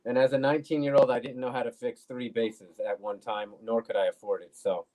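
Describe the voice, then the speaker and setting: Laid-back swearing musician telling stories. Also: male voice, mid-range voice, a little fast. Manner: laid-back, swears freely, animated anecdotes. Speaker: guest bass player. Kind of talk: casual storytelling interview. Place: podcast studio.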